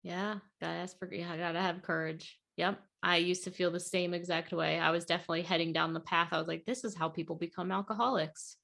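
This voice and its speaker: A woman's voice: fairly low pitch, level tone, fairly quick, creaky, few pauses, fairly bright tone. A woman weight loss coach on a podcast, talking casually and earnestly over a video call, with many fillers. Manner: chatty, lots of "like", earnest.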